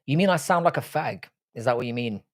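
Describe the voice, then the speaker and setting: A man's voice: mid-range voice, animated, fast. A young man, Irish but raised in London, with a London accent, casually hosting a live stream and answering chat in a blunt, sardonic, sweary way. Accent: London English. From Ireland, raised in London. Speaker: livestream host reading chat.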